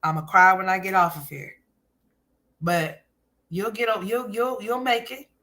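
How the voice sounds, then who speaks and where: A woman's voice: mid-range voice, steady tone, measured pace, pushed and bright. A woman hosting casual commentary, candid and emphatic, often calling listeners honey. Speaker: commentary channel host.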